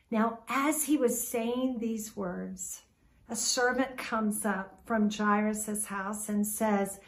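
A woman preacher retelling a story in a sermon, dramatic, swinging from loud to hushed. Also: a little high, takes it slowly.

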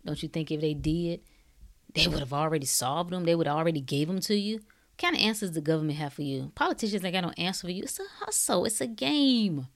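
A woman's voice: low voice, quick pace. A woman in a casual monologue, blunt and preachy, firing off sarcastic rhetorical questions in slangy talk.

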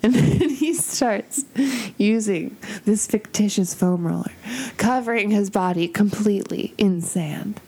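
A woman's voice: mid-range voice, unhurried, few pauses. A woman co-hosting a casual chat show from bed at home, telling stories with acted-out quotes and frequent laughter. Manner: animated storyteller, acts out quotes, laughs often. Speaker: podcast co-host.

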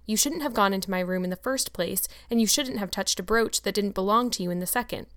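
A woman's voice: mid-range voice, quick pace, lightly acted. A woman reading aloud and voicing a stern, strict older spinster in a storybook. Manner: stern, sharp.

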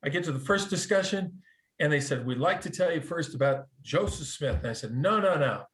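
A man tells a personal story in a casual, conversational way, his voice sitting a little high for a man. He is animated, acts out the other people's lines as he goes, and often restarts his sentences mid-thought. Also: fairly quick. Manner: animated, acts out quoted dialogue, frequent restarts. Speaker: guest telling a conversion story.

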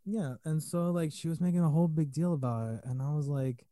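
A man rambles through a story on a podcast, words tumbling out quickly. His tone is dark and mellow, and the dry close mic adds no room sound. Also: a little high, steady tone, dry recording. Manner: rambling, many fillers and restarts. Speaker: podcast co-host. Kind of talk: casual storytelling.

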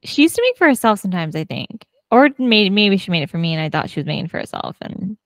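A woman co-hosting a podcast in casual chat, talkative and quick to laugh. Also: mid-range voice, very animated, no room sound, studio quality. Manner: chatty, laughs often, many fillers. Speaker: podcast co-host.

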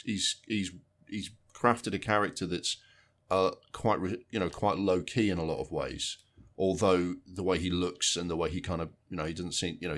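A man co-hosting a film podcast, talking casually and rambling as he reviews a film, often restarting and repeating words while he thinks. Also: sits low.

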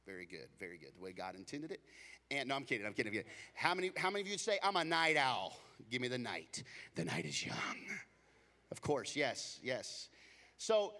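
Bright-voiced preacher in an echoing hall. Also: male voice, fairly high pitch. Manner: jokey, conversational preaching with acted-out voices. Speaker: pastor. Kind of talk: sermon.

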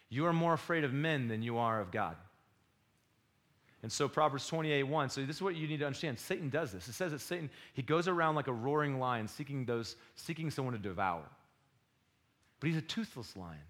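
A man preaching a sermon, swinging between loud exhortation and quiet confession. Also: on the high side. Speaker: pastor.

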